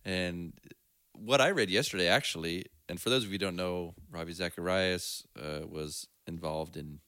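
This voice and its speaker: A man's voice: low-pitched, normal speed, pushed and bright, clean tone, no echo, studio quality. A man co-hosting a casual faith podcast, telling stories with plenty of fillers and easy laughs. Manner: storytelling, laughs easily, trails off with fillers. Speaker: podcast co-host. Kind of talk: casual chat.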